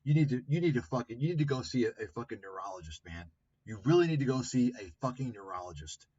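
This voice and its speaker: A man hosting a livestream, ranting about video clips with profane, combative scorn and a husky voice. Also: mid-range voice, animated, fast, mellow, no room sound. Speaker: commentary livestream host. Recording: dull lo-fi stream audio.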